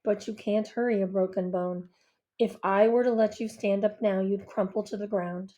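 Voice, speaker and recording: A woman voicing a calm, measured male doctor, speaking a little lower than her usual voice. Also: natural voice. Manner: calm, matter-of-fact.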